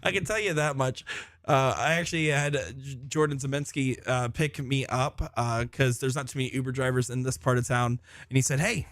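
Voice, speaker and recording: A man's voice: medium pitch, fairly even intonation, brisk, a bit bright, dry recording. A man giving live solo commentary at a darts tournament in a busy room, chatting with viewers and joking about himself. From Florida. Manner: chatty, joking, self-deprecating.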